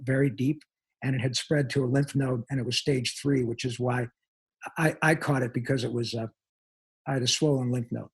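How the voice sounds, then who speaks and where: Husky, playful man in his sixties. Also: mid-range voice. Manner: animated, playful, jumps into funny voices. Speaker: voice actor guest. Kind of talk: casual podcast chat.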